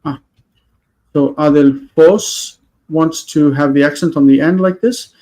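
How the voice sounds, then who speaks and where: A man teaching a grammar lesson on a video call, explaining patiently and slowing down to spell out words. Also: fairly high pitch, a little mellow, poor audio. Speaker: Hebrew teacher. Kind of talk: online class lesson.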